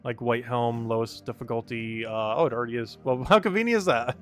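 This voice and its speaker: A man's voice: medium pitch, brisk, fairly bright tone, faint music behind. A man streaming a game live, chatting casually, reading and greeting chat, and laughing often.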